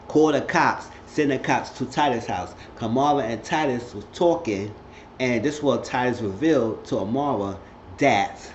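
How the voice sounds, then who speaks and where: A man's voice: medium pitch, slight background noise. A man vlogging a casual, rambling recap who keeps jumping into voices for the characters. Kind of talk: casual chat. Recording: roomy lo-fi home recording.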